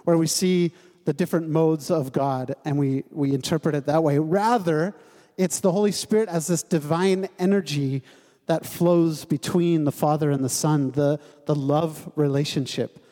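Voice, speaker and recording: A pastor in a church sanctuary preaches to his congregation in a conversational, lightly humorous way, putting questions to his listeners. His voice is on the high side with a dark, steady tone and moderate pace. Long hall reverb surrounds the recording.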